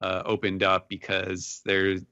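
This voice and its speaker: A man's voice: deep voice, completely flat delivery, a little slow, sharp tone, smooth, no echo. A man co-hosting a casual podcast, easygoing with rambling asides. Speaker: podcast co-host. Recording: dry, dull lo-fi mic.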